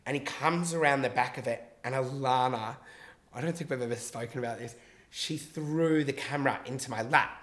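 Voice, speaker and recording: A bright-toned man tells a story in a loose, animated way, swearing freely and acting out what people said. The recording has a roomy echo, like an untreated room. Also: medium pitch, brisk. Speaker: guest telling a story. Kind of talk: casual storytelling on a podcast.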